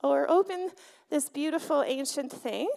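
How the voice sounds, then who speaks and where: A woman delivers an animated sermon from the front of a church, her voice sitting somewhat high. She keeps turning to the congregation with questions. The sound carries the long reverb of a church hall. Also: a little slow, vocal fry. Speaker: pastor. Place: church sanctuary.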